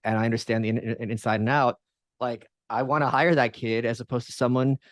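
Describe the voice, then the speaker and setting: A man in relaxed conversation who argues his point with emphasis, breaking into quick asides and restarting his sentences. His voice sits in a middle register and is recorded close and dry, with no room sound around it. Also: mid-range voice, dry recording. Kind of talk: casual conversation.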